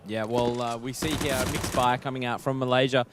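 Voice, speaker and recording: A man in the caster's seat for an esports match, calling the action in a steady, measured way and padding his lines with fillers. His voice sits at an ordinary middle pitch, with a faint hiss of noise underneath. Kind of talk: play-by-play commentary.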